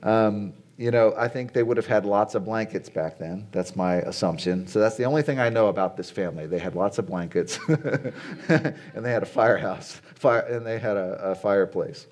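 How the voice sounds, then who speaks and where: At a normal speed, a man in his late forties speaks in a lowish, somewhat mellow voice. As the conference speaker at a conference venue, he gives a casual, talkative sermon and keeps putting rhetorical questions to his listeners.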